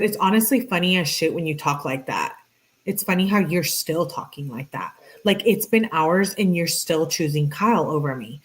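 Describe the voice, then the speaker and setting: A young adult woman reading out text messages between two people, adding sarcastic commentary as a true crime host. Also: fairly low pitch. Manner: reads both sides flatly, interjects sarcastic asides.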